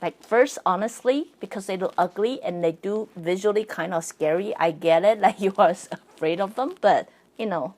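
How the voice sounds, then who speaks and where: In a mid-range, slightly mellow voice at a moderate pace, a non-native English-speaking woman hosts a relaxed solo podcast as a psychic and spirit coach. She's chatty, laughs a great deal and keeps asking "right?"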